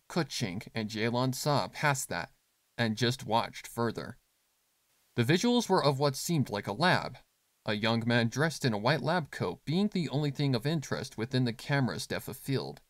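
A man narrating a fanfiction story in an expressive, measured reading voice. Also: mid-range voice, no room sound, clean studio sound. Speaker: fanfiction reader.

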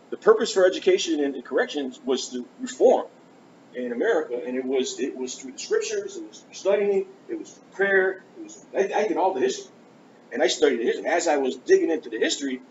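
A man's voice: a little high, a little fast. A man preaching in church, earnestly telling his own story and acting out conversations along the way. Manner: earnest, animated, acts out conversations. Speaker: preacher giving his testimony. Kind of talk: storytelling sermon. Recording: dull lo-fi church recording with faint hiss.

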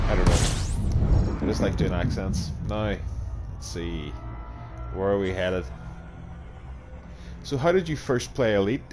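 Low-voiced Northern Irish man chatting. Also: animated, over music. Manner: chatty, self-mocking, quick to apologise. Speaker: game streamer. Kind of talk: casual chat with viewers while playing. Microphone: gaming headset.

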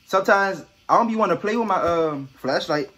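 A man's voice: sits high, expressive, brisk, a bit bright, a little hiss or hum. A young man doing goofy, riffing commentary while playing a horror game. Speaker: gaming YouTuber. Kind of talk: comedic let's play commentary.

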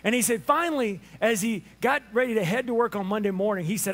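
Male pastor with a high-pitched voice, animated sermon storytelling that acts out the dialogue. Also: fast, hardly any pauses. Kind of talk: Easter sermon.

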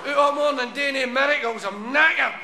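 A man's voice: very high voice, moderate pace, very noisy, pitched above the performer's own voice. A man doing a knackered Glaswegian miracle-worker. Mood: weary. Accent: Scottish (Glasgow). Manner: loud, matey, worn-out complaining. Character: weary male miracle-worker as a Glasgow pub man. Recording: echoey live hall with loud audience.

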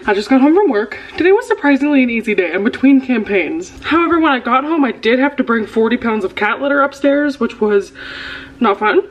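A woman's voice: high-pitched, low-quality recording. A young woman from the American South talking casually and candidly in a book vlog, with lots of filler words. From Southern United States. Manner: chatty and candid, filler-heavy. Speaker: book vlogger.

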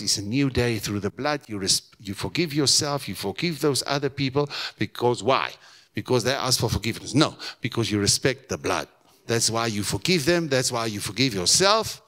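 A pastor preaching a sermon in church, animated, putting on voices and asking his congregation questions. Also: mid-range voice. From South Africa. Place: church hall.

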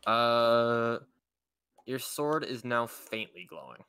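A man's voice: mid-range voice, animated, slow pace, bright, forceful tone, clear, resonant tone. A man running a tabletop game as game master, narrating casually with lots of fillers.

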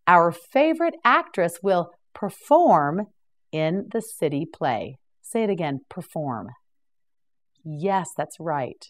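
A woman teaching English vocabulary in a slow, patient drill, pronouncing each word carefully and encouraging the learner. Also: fairly low pitch.

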